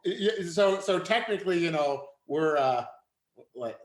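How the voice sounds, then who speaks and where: A man's voice: on the high side, animated, a little slow, a crowd in the background. A man with a Chicago accent hosting an interview, chatty and effusive, often restarting his sentences. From Northern Illinois, USA. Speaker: podcast host. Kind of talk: casual conversational interview. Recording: echoey room.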